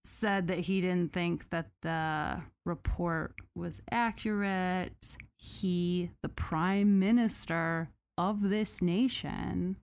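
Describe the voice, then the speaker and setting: A woman hosting a podcast, retelling a story in a casual, animated, sarcastic way with mock quotes. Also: on the low side, very slow, few pauses, clean tone. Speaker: podcast host.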